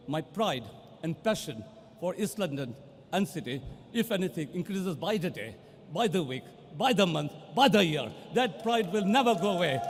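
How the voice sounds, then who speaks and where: A man giving a passionate victory speech as a newly elected assembly member, building to rousing shouts in a large count hall. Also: sits high, slight background noise. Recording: long reverb of a big hall.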